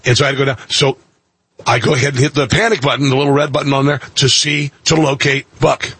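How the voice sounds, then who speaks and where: A male radio and TV host telling a story in an excitable monologue, his voice jumping up into loud outbursts. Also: mid-range voice, fast, husky.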